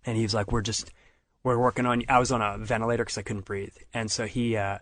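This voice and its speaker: A man's voice: fairly low pitch, fast, no echo. A middle-aged man telling a story in casual conversation, acting out what other people said. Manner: animated retelling, acts out others' lines. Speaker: podcast guest.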